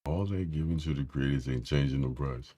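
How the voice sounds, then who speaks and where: A man's voice: rumbling low, brisk, warm tone. A man hosting a casual tech live stream, loose and slangy, greeting his chat by name. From Philadelphia area.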